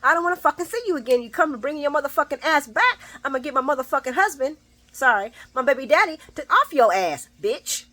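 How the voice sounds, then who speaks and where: A woman's voice: sits high, lively intonation, fast, voice pushed up. A woman putting on a furious woman who is cursing out a lying man. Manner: profane, furious, shouting insults. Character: angry woman cursing out her liar ex.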